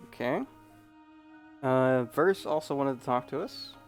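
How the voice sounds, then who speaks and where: A man's voice: medium pitch, a little slow, soft background music. A man hosting a let's play, talking casually with hesitant "uh"s. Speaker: gaming host.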